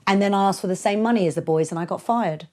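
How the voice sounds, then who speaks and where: A middle-aged woman speaks bluntly and with lots of energy, telling stories in an interview. Her voice sits at a middle pitch, and she laughs as she acts out what others said. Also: fast talker. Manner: blunt, animated, acts out quotes, laughs often. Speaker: DJ and producer, interview guest. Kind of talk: candid storytelling in a podcast interview.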